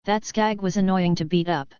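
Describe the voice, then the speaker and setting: Brief: woman narrator as a gruff muscle-bound fighter, blunt, dry close read. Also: fairly low pitch, normal speed, a little mellow, dry recording, dull audio, natural voice. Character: blunt brawny male brawler.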